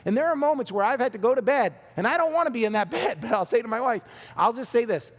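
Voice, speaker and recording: A man's voice: very high voice, lively intonation, quick pace. A male pastor preaching a sermon to a congregation, emphatic and repeating key phrases, laughing along with the crowd. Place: church hall. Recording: long hall reverb.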